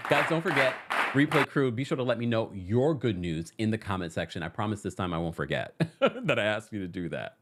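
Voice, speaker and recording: A host giving casual pop culture news commentary in a dramatic, animated way, laughing often. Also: mid-range voice.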